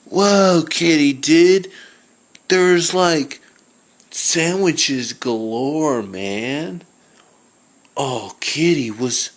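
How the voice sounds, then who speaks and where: A man voicing a dopey surfer-dude young man in a homemade cartoon, calling everyone dude and bro in slangy talk. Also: on the high side.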